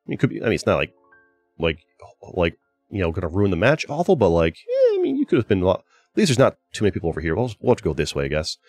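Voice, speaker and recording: A man with a fairly low but animated voice talks casually over his gameplay and breaks into exasperated outbursts at his teammates. The recording is close and dry. Faint game music plays underneath. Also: very fast, husky, no room sound. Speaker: gaming channel host. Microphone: desk microphone.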